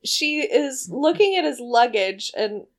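Casual film-chat woman, high-ish and highly expressive delivery, swears and laughs a lot. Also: takes it slowly. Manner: swears freely, laughs often, teasing. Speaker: movie watch-along co-host. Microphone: headphones with mic.

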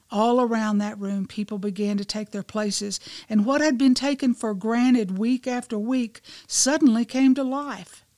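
A woman's voice: a little high, darkish tone, no room sound. Woman telling a devotional story, dry close sound. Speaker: devotional writer and presenter.

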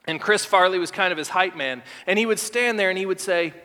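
A male pastor preaching a sermon emphatically, repeating words and slowing to stress key lines. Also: high voice, pushed and bright. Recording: long hall reverb.

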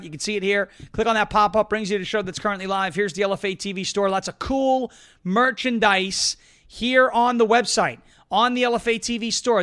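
Brief: male political talk host, middle-aged, fast and punchy, bright tone. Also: sits high. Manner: quick, emphatic, repeats points, joking. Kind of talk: casual political commentary and ad reads.

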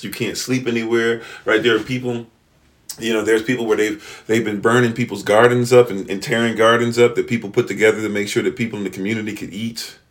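A man's voice: fairly low pitch, a bit bright. A man giving a lecturing livestream talk, repeating "right?" and restarting his sentences, now and then addressing viewers and a partner off-mic. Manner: repetitive, rhetorical "right?" checks, stammering restarts; talks to live chat and a partner off-mic. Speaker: livestream host.

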